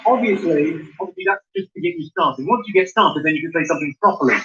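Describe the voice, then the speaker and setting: A man's voice: a little high, huge pitch swings, fast talker. A man doing a stand-up routine, dry and crude, teasing the crowd from a comedy club stage. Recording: muffled live recording with noise.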